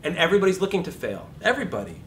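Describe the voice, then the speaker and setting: Man in his fifties teaching an acting class, animated and profane, heard from across an echoey room with rumbling noise. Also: very fast, far from the mic. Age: 50s. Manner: animated, swearing, self-deprecating storyteller. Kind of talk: live seminar talk. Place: classroom seminar. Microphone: distant room mic.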